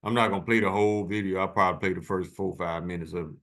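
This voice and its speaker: A man's voice: low-pitched, fairly even intonation, very fast, fairly bright tone. Emphatic man hosting a commentary. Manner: emphatic, colloquial, repeats key words. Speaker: channel host. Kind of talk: preachy commentary over video clips.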